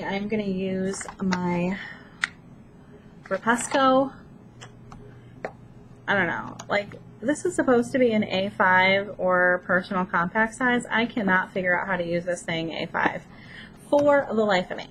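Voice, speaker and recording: A woman's voice: mid-range voice, measured pace, low-quality recording. A woman talks her way through a casual craft tutorial at home. She is chatty, pokes fun at herself, and keeps talking as she works. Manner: chatty, self-deprecating, talks while working. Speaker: planner vlogger. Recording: steady background noise.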